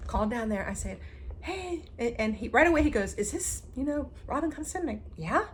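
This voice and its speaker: A woman co-hosting a casual stitching chat, telling stories with lively acted-out quotes. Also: a little high, brisk, a little hiss or hum. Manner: animated storyteller, acts out quotes. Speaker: flosstube co-host.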